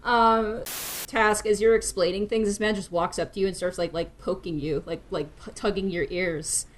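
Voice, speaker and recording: A woman's voice: medium pitch, fairly even intonation, moderate pace, slight background noise. A woman narrating as game master of a tabletop game, playful and giggly, with lots of fillers.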